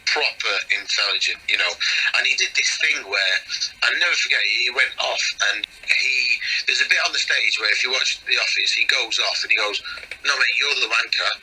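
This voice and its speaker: A man's voice: medium pitch, normal speed, pushed and bright, slight background noise, low-quality recording. A man, a comedian guest chatting casually and telling anecdotes, acting out the voices he quotes.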